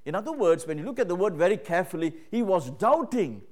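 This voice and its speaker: High-voiced emphatic male preacher. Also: sing-song, fast. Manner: emphatic, swings between loud exclamations and hushed low passages; repeats phrases, addresses listeners as friends. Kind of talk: sermon.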